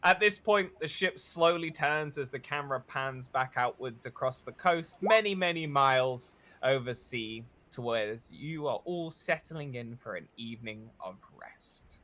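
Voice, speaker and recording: A man's voice: mid-range voice, expressive, unhurried, hardly any pauses, sharp tone. A man narrating a tabletop game as game master, describing the scenes vividly with frequent "uh" fillers.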